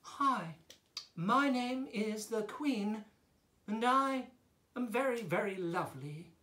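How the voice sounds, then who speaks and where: Figure: vain, sweet queen. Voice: high, sugary. Sound: echoey room. Performer: a man playing her. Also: lively intonation, slow pace, pushed and bright, heavily acted. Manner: sugary and high, speaking from up in the head.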